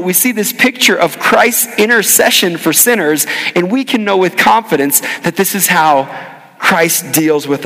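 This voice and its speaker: A male pastor giving a sermon, earnest and animated, telling a personal story. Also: on the high side, big-room sound, poor audio.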